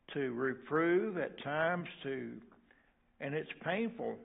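An older man preaching a sermon as pastor, halting and repeating words, with folksy asides. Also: on the high side, creaky. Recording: tinny phone-like sound.

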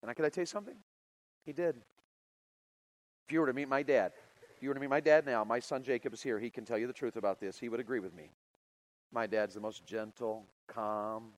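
A middle-aged man preaching a sermon, telling stories with big swings between loud and soft. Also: medium pitch, fairly quick, pauses often, rough recording. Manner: animated storytelling with big swings in loudness.

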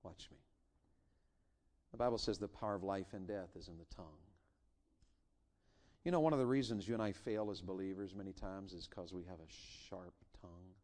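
A middle-aged man preaching a sermon in a church, swinging from loud emphatic lines to hushed intimate ones, with joking asides. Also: low voice, fairly quick, pauses often. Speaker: revival preacher. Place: church sanctuary.

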